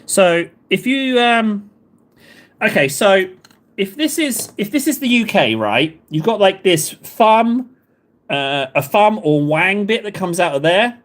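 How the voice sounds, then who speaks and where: A man's voice: sits high, big pitch swings, slow pace, fairly bright tone. A man, chatting casually with live viewers in a rambling, self-deprecating way. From England. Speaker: livestream host.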